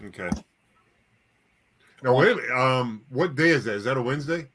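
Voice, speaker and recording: A man co-hosting a casual chat, joking with his friend in a halting way. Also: medium pitch, animated, fairly bright tone, slightly rough. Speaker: co-host.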